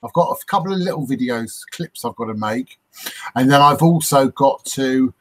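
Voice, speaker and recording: A man's voice: medium pitch, normal speed, a bit bright. Hesitant man chatting on a livestream. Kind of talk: casual live stream chat.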